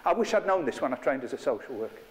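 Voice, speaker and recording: A man's voice: medium pitch, big pitch swings, racing, in a large hall. A middle-aged man, leading an interactive workshop with a live group in a chatty, playful, self-mocking way. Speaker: workshop trainer. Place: training room with a live group.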